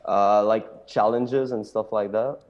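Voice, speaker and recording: A man with a French accent talks through a casual interview at a low pitch, stopping often with fillers. His voice sounds dark and mellow. The audio comes across dull and lo-fi, as if from a call. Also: steady tone. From Canada. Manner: halting, many pauses and fillers. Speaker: chief technical officer guest.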